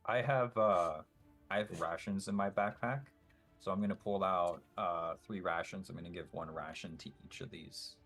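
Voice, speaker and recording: Player, male, very low voice, relaxed, light music underneath. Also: moderate pace. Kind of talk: casual tabletop play.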